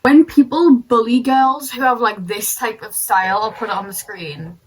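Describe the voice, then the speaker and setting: A young woman chats while doing her makeup, rattling off gripes in a blunt, exasperated, sarcastic way. Her voice sits a little higher than most. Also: normal speed, breathy edge, low-quality recording. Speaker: vlogger. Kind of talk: get-ready-with-me ranting chat.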